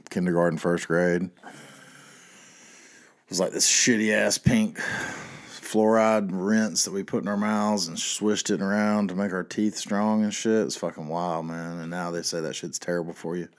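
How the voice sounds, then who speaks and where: A man with a Southern accent talks alone into his podcast mic in a loose, meandering chat. His voice sits very low. He swears often and stalls on fillers as he drifts from one thought to the next. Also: little pitch movement, fairly quick, few pauses. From American South. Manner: rambling, profane, lots of fillers. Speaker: podcast host. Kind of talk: casual solo podcast ramble.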